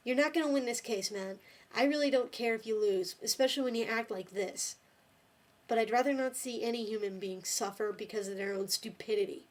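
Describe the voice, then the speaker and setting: A woman's voice: fairly high pitch, fairly quick. Fed-up woman ranting. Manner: exasperated, scolding, swears often. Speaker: video blogger. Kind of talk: angry rant to camera.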